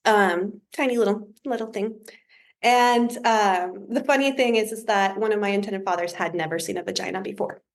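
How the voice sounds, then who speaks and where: A woman who is a podcast guest, telling a story in a casual, humorous and animated way. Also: medium pitch, moderate pace.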